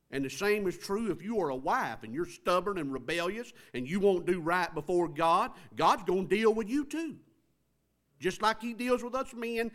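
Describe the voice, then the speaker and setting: A pastor delivers his sermon in a somewhat high voice. He leans on rhetorical questions and drives his points home with rising emphasis. The voice carries through a church. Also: a bit bright. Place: church sanctuary.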